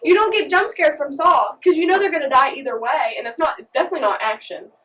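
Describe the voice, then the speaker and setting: A woman's voice: sits high, fairly bright tone, recorded from a distance, rough recording. A teenage woman co-hosting a casual chat, blunt and opinionated. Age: late teens. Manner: blunt, opinionated, quick to laugh. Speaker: co-host.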